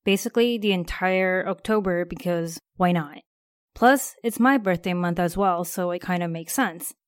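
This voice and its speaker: A woman's voice: fairly low pitch, moderate pace, smooth, dry recording, clean studio sound. A woman hosting her own podcast, chatting in an upbeat way to her listeners. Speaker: podcast host. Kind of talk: casual podcast talk.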